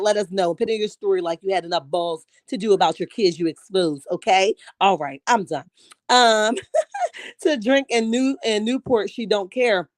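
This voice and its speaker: A woman's voice: mid-range voice, no room sound, clean studio sound. A woman hosting a live chat stream, giving blunt, sassy commentary and calling everyone honey. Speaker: livestream host.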